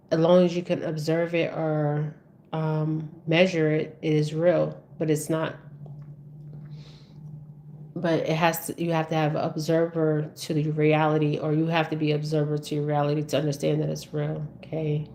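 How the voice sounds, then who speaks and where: Woman, low voice, flat delivery, rambling spiritual monologue, keeps asking okay, faint hiss behind. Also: unhurried. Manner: rambling, repeats "okay?" often. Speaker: spiritual speaker. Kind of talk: casual monologue.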